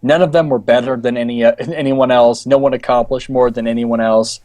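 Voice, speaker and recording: A man's voice: mid-range voice, fairly even intonation, a little fast, a little mellow, dry recording. A man co-hosting a podcast, making wry, mocking quips in casual banter. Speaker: podcast co-host.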